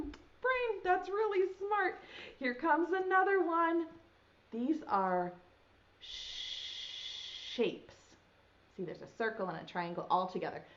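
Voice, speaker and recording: A woman's voice: sits high, dull audio. A young woman teaching a virtual preschool lesson, talking to small children in a sing-song, encouraging way and stretching out sounds.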